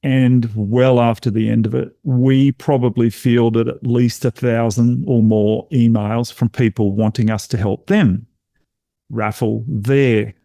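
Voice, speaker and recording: Warm-voiced man telling a story. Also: mid-range voice, takes it slowly, gravelly, dry recording, studio quality. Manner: animated storyteller who acts out other people's lines. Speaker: podcast guest, intuition coach. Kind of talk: personal storytelling in a podcast interview.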